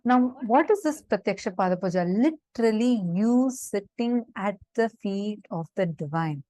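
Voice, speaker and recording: A woman's voice: medium pitch, lively intonation, moderate pace, warm tone, no room sound. A woman co-hosting an online spiritual session, inviting viewers to post in the chat and explaining a devotional ritual. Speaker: session co-presenter. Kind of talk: devotional talk and sign-up announcements.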